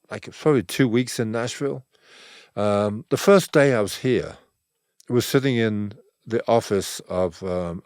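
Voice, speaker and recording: Older man, low-pitched rambling storyteller. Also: a little mellow, no echo, clean studio sound. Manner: rambling, acts out quoted dialogue. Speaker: photographer, interview guest. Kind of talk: relaxed anecdotal storytelling.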